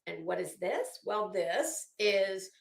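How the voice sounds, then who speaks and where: A woman's voice: mid-range voice, very animated, takes it slowly, creaky. A woman streaming and chatting casually, rambling with many restarts and fillers. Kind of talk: casual chat. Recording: echoey room.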